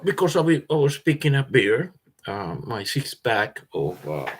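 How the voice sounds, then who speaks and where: A man's voice: mid-range voice, big pitch swings, unhurried, breathy edge. A man telling a rambling personal story, repeating words as he restarts his sentences, swearing, and laughing now and then. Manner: repetitive restarts, agitated, swears, laughs often.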